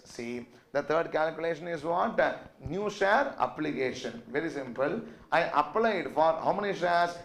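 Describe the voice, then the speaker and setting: A man's voice: high-pitched, a bit bright. A man with a lecturing a classroom, constantly asking questions and prompting the students to answer yes or no. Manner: call-and-response questioning, asks yes or no constantly. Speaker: teacher.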